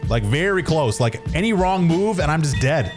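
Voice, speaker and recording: Over background music, this Canadian man gaming at home speaks at a moderate pace in a slightly high, expressive voice. He's a streamer close on a studio dynamic microphone, telling a casual story full of restarts, fillers, and self-mockery.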